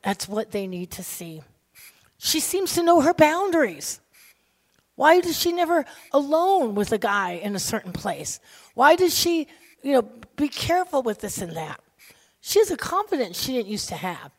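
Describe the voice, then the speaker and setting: A woman preacher delivers a sermon in a fairly high voice, moving from bursts of loud excitement to hushed, earnest stretches. She tells stories with energy and briefly acts out the people in them. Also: normal speed. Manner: animated storytelling, swinging from loud excitement to quiet intensity.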